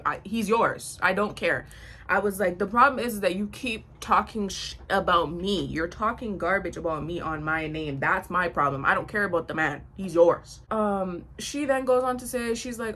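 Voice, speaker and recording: Young woman, blunt storyteller, animated quoting of others, close phone mic. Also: mid-range voice, brisk. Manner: blunt, animated retelling with quoted voices. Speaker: vlogger. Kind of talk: storytime while getting ready.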